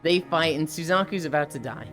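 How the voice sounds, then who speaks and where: A young woman streaming live and chatting casually, retelling an anime with lively, profane commentary and acted quotes. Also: low voice, a little fast, faint music behind.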